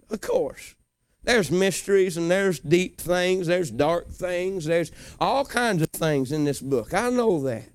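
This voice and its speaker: A man preaching a sermon in a folksy way, rising now and then to emotional shouts. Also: a little high, clean tone, no room sound.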